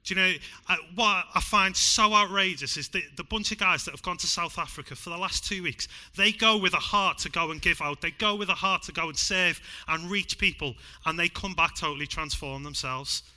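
A man with a Liverpool accent preaching a sermon in church, emphatic one moment and hushed the next. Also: high voice, brisk, few pauses. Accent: Liverpool (Scouse). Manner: emphatic, swings from loud to hushed.

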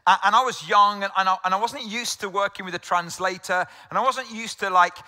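High, bright English preacher in a hall. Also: male voice, a little fast. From England. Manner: conversational storytelling preacher, with restarts and rhetorical questions. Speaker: pastor. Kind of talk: sermon.

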